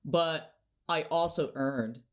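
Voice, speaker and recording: Slow, animated woman telling stories. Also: low-pitched. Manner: animated storyteller, laughs often, acts out quotes. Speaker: guest. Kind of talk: conversational interview storytelling.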